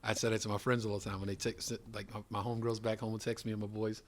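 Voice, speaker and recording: A man, a comedian guest, in casual chat, emphatic and excitable. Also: on the low side, quick pace.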